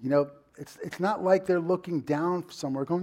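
A male pastor giving a sermon in a conversational style, full of "you know" fillers and rising to loud, emphatic bursts. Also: fairly high pitch, normal speed, few pauses. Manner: conversational preaching with many fillers.

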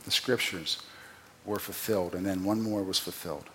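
A man preaching an expository sermon, who asks the listeners rhetorical questions and swings from loud emphatic peaks to quiet, low drops. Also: steady tone, normal speed, noisy background. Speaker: pastor.

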